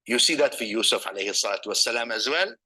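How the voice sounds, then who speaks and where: A man's voice: lowish voice, lively intonation, fast, bright, forceful tone, slightly rough, low-quality recording. A man preaching a sermon, telling stories and reciting Arabic scripture between English explanations, often asking the listeners rhetorical questions. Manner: asks the audience rhetorical questions.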